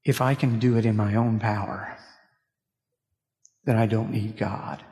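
A man pastor delivering a sermon, telling stories with halting restarts. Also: fairly low pitch, fairly even intonation, warm tone. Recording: long reverb of a large hall.

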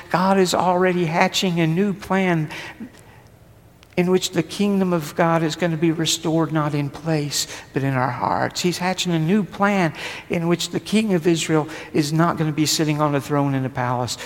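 A man preaching a sermon, pushing his voice up with force and then sinking into hushed, almost whispered passages. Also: a little high, normal speed. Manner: rises and presses hard, then drops to a hushed near-whisper. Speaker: pastor. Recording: long hall reverb, faint noise.

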